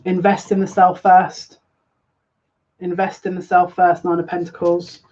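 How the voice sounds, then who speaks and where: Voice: mid-range voice, completely flat delivery, measured pace, a little mellow. Tarot reader at home doing a live reading, repeats stuff, "yeah look" a lot, muffled audio w/ faint hiss. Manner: repeats phrases, says "yeah, look" often. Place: home room, lighting incense. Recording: dull lo-fi with faint noise.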